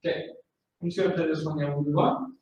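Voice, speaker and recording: A man with a high voice leads a live drumming class, encouraging the players and chanting rhythms aloud. He is picked up from a distance in a very echoey room. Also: steady tone, quick pace. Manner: encouraging, sings out rhythms with vocables. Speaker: drumming instructor. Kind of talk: live masterclass teaching. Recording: far-off mic, very echoey room, faint noise.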